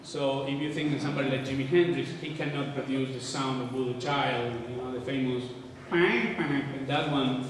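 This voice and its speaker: In a large lecture hall, a man gives a casual, irreverent architecture lecture and occasionally swears. His medium-pitched voice is flat and brisk with hardly any pauses, captured by a distant mic over noisy, echoey surroundings.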